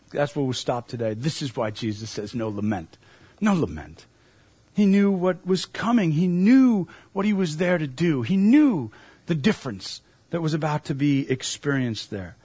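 A man's voice: fairly high pitch, darkish tone, slightly rough, dry recording. A man preaching a sermon as a pastor, earnest and emphatic, asking his listeners questions.

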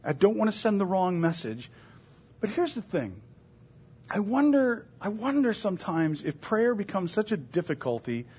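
A man's voice: sits high, a little mellow, breathy edge. A middle-aged man preaching a sermon as a pastor, in an earnest, conversational way with self-deprecating asides.

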